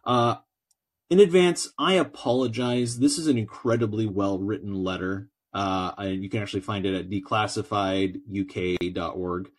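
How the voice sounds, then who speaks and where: An American man talks on his own podcast in a somewhat low voice. He rambles, with many fillers and false starts, and also reads a long letter aloud. His tone stays casual and conversational. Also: fairly even intonation, moderate pace, hardly any pauses. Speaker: podcast host. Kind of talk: solo podcast monologue, reading a letter aloud.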